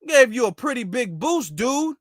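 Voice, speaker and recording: A dejected woman politician , put on by a man, talks in a slow, halting, disappointed way. The voice sits high, and the recording is dry with no room sound. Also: very animated, dry recording.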